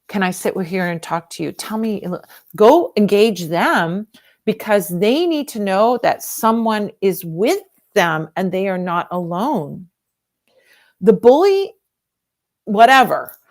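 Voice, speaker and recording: A middle-aged woman hosting a livestream fundraiser, talking to viewers in an earnest, emotional, repetitive way. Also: mid-range voice. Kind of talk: casual livestream chat.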